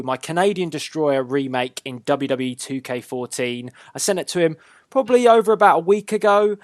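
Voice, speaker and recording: A man's voice: on the high side, no room sound. A man hosting a casual wrestling chat show, upbeat and teasing, drawing out his announcements. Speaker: host.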